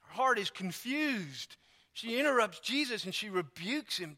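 Guy preaching in church, casual storyteller, high bright voice, lots of asides. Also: big pitch swings, measured pace. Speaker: pastor. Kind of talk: sermon.

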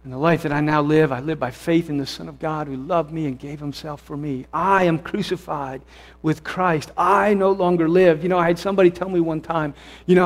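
Fervent man preaching in a reverberant hall. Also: a little high. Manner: conversational, self-correcting, builds to fervent emphasis. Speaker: pastor. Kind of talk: sermon. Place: church sanctuary.

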